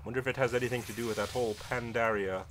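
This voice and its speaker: A man's voice: medium pitch, fairly even intonation, very fast, a bit bright, a little hiss or hum, close to an everyday voice. A man voicing a pompous, zealous paladin who hates monsters, speaking in formal old-fashioned phrases as he plays a game. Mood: pondering. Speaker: game player role-playing his character. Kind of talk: in-character role-play over gameplay.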